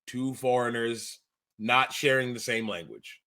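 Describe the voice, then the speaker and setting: A man co-hosting a casual wrestling podcast, animated and quick to gripe, acting out the quotes he retells. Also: medium pitch. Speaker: podcast co-host.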